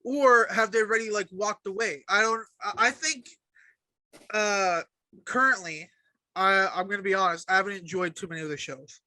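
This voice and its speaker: Man, podcast co-host, high and very bright voice, profane heated rant, dry close sound. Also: moderate pace, no echo. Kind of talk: casual wrestling chat.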